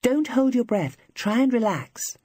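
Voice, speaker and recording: Reader putting on a bright young wartime nurse. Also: medium pitch, big pitch swings, moderate pace, slightly rough, dry recording. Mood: coaxing. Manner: bright, coaxing, encouraging. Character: young female wartime nurse, earnest and kindly.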